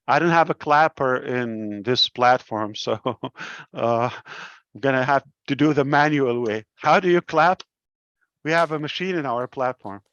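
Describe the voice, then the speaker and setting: A man with a delivery speaks slowly and earnestly on a live stream. His words come measured and deliberate, like a founder addressing his members. The audio is dry and dull, as from a close but muffled mic. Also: medium pitch, a bit bright, dry recording. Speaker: company founder presenting to members.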